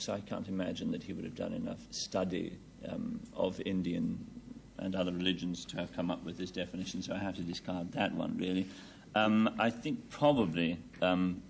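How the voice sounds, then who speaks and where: A man's voice: low voice, vocal fry, a little hiss or hum. A man on a panel game, thinking aloud with many ums and dry humor. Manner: hesitant, umming, dry humor.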